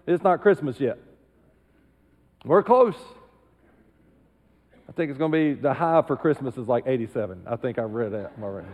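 A male pastor preaching a sermon emphatically, dropping into quiet asides. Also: medium pitch, in a large hall. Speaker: senior pastor. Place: church sanctuary.

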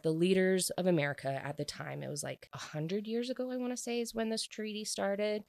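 Young woman rambling thru a story recap, low voice, super dry sound. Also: no room sound. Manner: rambling, many fillers. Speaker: vlogger.

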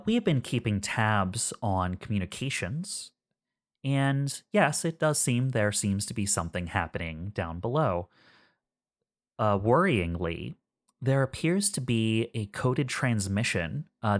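A man's voice: fairly low pitch, animated, a little slow. A man voicing a smug masked woman intelligence officer who teases and drags out suspense, with hesitant fillers.

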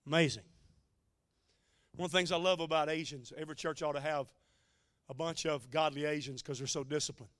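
A man's voice: a little high, fairly even intonation, brisk, pauses often, fairly bright tone, no room sound, clean studio sound. Folksy, emotional male preacher. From United States. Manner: folksy, emotional storytelling with joking asides. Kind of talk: sermon.

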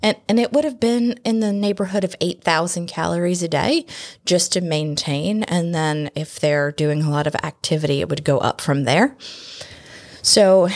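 Lower-pitched woman co-hosting a podcast. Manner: chatty, analytical, laughs often. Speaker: podcast co-host. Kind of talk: casual book club chat. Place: studio.

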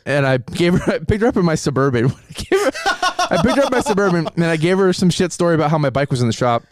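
Animated man telling awkward date stories. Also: a little high, fast, dry recording. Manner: animated, laughs often, swears freely. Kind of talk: casual chat, storytelling.

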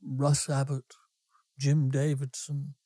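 Male comic doing gushing older landlady, tipsy, theatrical, soft mellow tone, dry close sound. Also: extremely low pitch, monotone, breathy edge, no room sound, voice pushed up, heavily acted. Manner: theatrical, drawn-out endearments.

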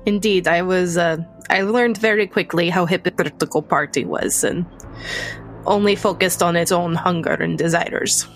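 A woman's voice: fairly low pitch, moderate pace, faint music behind, lightly acted. A woman voicing a guarded, formal female vampire newcomer with a put-on Russian accent, clipped and dropping articles. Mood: formal, earnest. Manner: clipped speech, drops articles.

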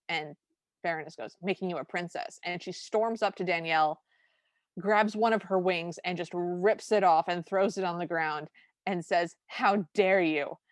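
A woman's voice: lowish voice, dry recording. Brief: woman podcast co-host, enthusiastic casual recap, dry. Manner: chatty, enthusiastic, recounting scenes. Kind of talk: casual movie recap chat.

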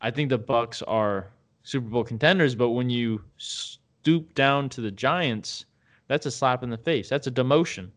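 A man's voice: medium pitch, measured pace, a bit bright. A man co-hosting a podcast, chatting casually about sports in a rambling, hesitant way with many fillers and restarts. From Tampa Bay area, United States. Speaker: podcast co-host.

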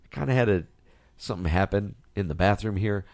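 Congested forty-ish male podcast co-host, low and dry, loose and chatty. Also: a little fast, no echo. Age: about 40. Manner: congested, stuffed-up, relaxed and rambling. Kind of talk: casual chat.

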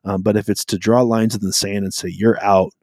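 A man's voice: fairly low pitch, level tone, a little fast, darkish tone, no echo, clean studio sound. A man co-hosting a casual faith discussion, talking in an earnest, loose way.

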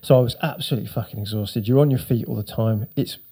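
A middle-aged man with a husky voice, telling a long, sweary story on a casual chat podcast. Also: mid-range voice, fast talker, warm tone. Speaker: podcast co-host.

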